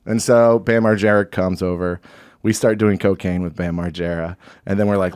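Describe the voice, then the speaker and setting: A man from Texas, a podcast guest, telling an animated, profane story in casual chat. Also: low voice, brisk, smooth.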